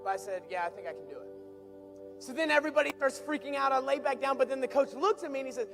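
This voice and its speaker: Young guy preaching w a story, super high voice, gets loud n hyped, faint music behind. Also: fast talker, creaky. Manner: animated storyteller, builds to shouts. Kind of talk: storytelling sermon.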